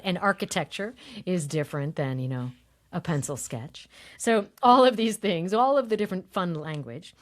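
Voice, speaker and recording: A woman voice coach talking in an interview, explaining breath and voice with lively demonstrations and easy laughter. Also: lowish voice. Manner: animated, demonstrates voice techniques, laughs easily. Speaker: voice coach guest.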